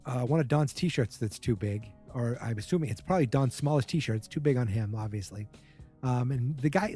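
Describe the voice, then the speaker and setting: A man's voice: mid-range voice, mellow, breathy edge. A man hosting a podcast, casually recapping a TV episode in a chatty, wry way and mimicking the characters' lines. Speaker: podcast host.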